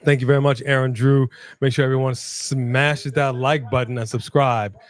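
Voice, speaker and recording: An upbeat man co-hosting a live stream, calling out viewers by name and pushing the chat along. His pitch sits in a middling range, and the sound is dry and close with no room echo. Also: flat delivery, normal speed. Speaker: livestream co-host. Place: Los Angeles.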